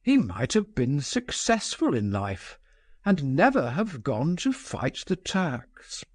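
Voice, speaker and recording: A man narrating a novel, voicing a flustered, dignified older gentleman who stammers in confusion. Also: on the high side, wildly swooping pitch, slow pace, dry recording, clean studio sound, heavily acted. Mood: rueful.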